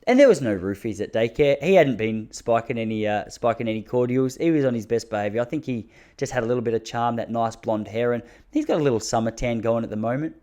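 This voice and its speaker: A man's voice: mid-range voice, warm tone. Rambling Australian man telling comic stories. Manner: rambling, self-mocking, quick asides. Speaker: podcast host. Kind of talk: comic storytelling monologue.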